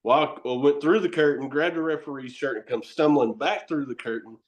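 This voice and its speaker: A man's voice: on the high side, a little fast, dull audio. A middle-aged man, a wrestler and horror host, telling rambling stories as a podcast guest, cursing and laughing often. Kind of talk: casual storytelling chat.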